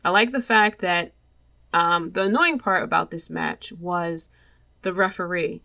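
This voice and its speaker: A woman's voice: lowish voice, measured pace, gravelly, sharp tone. A woman hosting a podcast, giving a casual, rambling wrestling review and acting out quoted lines as she retells the match. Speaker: podcast host.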